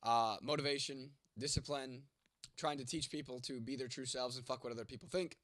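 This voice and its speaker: A man's voice: mid-range voice, steady tone, a little fast, fairly bright tone, no room sound. A man of twenty-nine, congested from a cold and losing his voice, answering chat on a late-night livestream in a blunt, heavily profane way. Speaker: content creator. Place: home at night.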